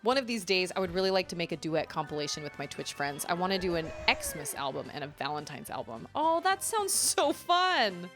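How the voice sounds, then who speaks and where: Low-pitched yet fairly bright, her sing-song voice moves quickly with hardly any pauses. She chats casually while playing a video game on stream, often exclaiming and laughing. Faint game music plays underneath.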